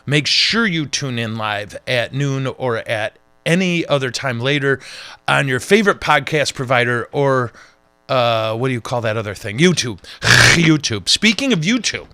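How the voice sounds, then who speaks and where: Bright-voiced joking priest. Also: male voice, mid-range voice, normal speed, dry recording. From United States. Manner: joking, rambling, animated. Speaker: priest and podcast host. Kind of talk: casual chat.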